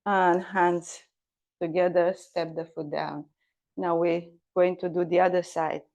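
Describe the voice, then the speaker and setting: A woman yoga teacher leads a gentle class at a slow, unhurried pace. Her voice sits a little low, and she calls out breaths and poses with patient calm.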